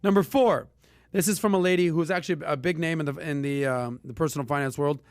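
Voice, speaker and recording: A man hosting a casual personal finance podcast, talking with punchy emphasis and lively asides. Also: on the high side, quick pace, no echo, clean studio sound. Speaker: podcast host.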